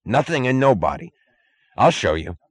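A man voicing a blustering male prison chief who yells in frantic panic in an audiobook. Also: big pitch swings, moderate pace, husky, no echo. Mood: panicked shouting. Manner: shrill, yelling, frantic. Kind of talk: audiobook character voice.

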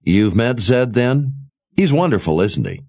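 A man playing a confident young lord who explains things with easy assurance. His low voice has lively pitch movement. The dry, slightly dull audiobook recording gives a close sound. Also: measured pace. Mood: assured. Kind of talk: audiobook character voice.

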